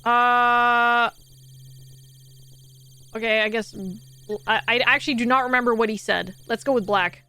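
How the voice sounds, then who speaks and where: A woman streamer chatting casually with her viewers, laughing and swearing freely, then reading second-person game narration in a slower, softer voice. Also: fairly high pitch, steady tone, slight background noise, poor audio. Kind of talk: casual live-stream chat and reading game text aloud.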